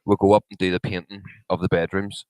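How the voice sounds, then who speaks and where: Low-voiced man telling stories. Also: flat delivery, quick pace, a little mellow, clean tone, no echo, low-quality recording. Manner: storytelling, sweary, teasing. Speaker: podcast co-host. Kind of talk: casual chat.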